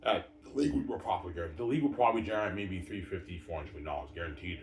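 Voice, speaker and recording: A man with a very deep voice pushes his sports opinions, circling back to the same points and tripping over restarts. He sounds set back from the microphone in a reverberant room with faint ambient noise behind him. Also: racing. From Canada. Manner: insistent and repetitive, stumbling restarts, keeps saying "obviously" and "man". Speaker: vlogger. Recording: roomy, distant mic, faint background ambience.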